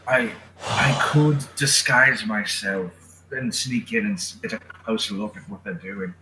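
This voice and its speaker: A man's voice: on the low side, unhurried, sharp tone, slight background noise, rough recording. A man playing in a tabletop game, asking questions hesitantly. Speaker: player. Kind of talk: casual game chat.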